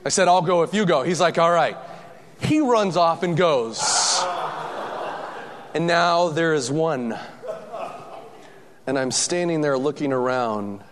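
Animated man telling a story in a hall. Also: a little high, takes it slowly, pauses often, noisy background. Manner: lively, self-mocking, acts out quoted voices. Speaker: speaker telling a personal story.

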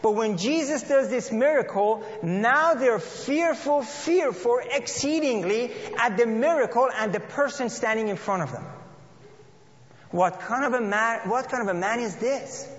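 High-voiced man preaching in an echoing hall. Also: expressive, a little slow. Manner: earnest, repeats and restarts phrases. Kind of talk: sermon with scripture reading. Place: church. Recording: dull lo-fi audio in a reverberant hall.

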